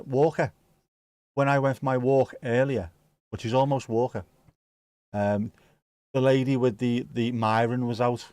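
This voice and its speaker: A man's voice: medium pitch, steady tone, moderate pace, long pauses, darkish tone, dry recording. A man hosting a football watch-along stream, chatting casually and joking as he reads viewer comments.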